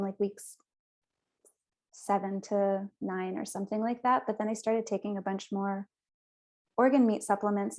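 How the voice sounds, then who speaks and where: A woman's voice: medium pitch, a little mellow. A young woman guest on a podcast, telling her personal story in an earnest, chatty way. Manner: earnest, chatty, with small restarts.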